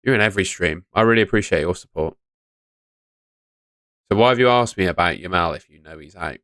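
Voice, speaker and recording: Fairly quick and fairly bright in tone, his low voice carries a chatty fantasy football live stream as he reads out and answers chat messages in casual commentary. The dry, studio-quality sound comes from a studio microphone on a stand.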